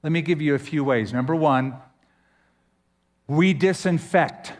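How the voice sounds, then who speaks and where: A man preaching a sermon as pastor, emphatic, with dramatic pauses and sudden swings in pitch. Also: in a large hall.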